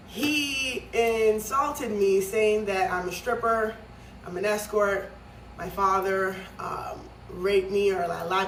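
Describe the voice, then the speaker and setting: A woman's voice: on the low side, a little hiss or hum. A woman from Nigeria telling a story in a vlog, dramatic and emphatic, with many fillers. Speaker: vlogger. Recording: echoey room, mic at a distance.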